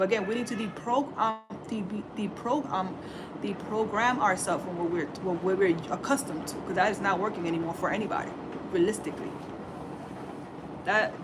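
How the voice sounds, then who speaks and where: 40s woman, sassy streamer type, calls everyone baby, mid pitch, slight noise behind. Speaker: livestream host. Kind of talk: casual relationship advice to live viewers.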